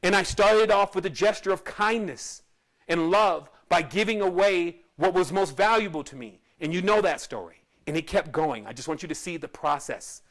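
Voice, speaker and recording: A man's voice: sits high, moderate pace, fairly bright tone. A man who teaches spirituality tells a personal story in a casual, rambling way, often restarting and adding asides.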